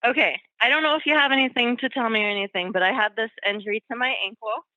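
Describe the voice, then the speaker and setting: A woman's voice: a little high, quick pace, sharp tone, no echo. A woman calling in to a radio show. She talks in an eager, rambling way and sounds emotional. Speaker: caller. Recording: dull phone-line sound.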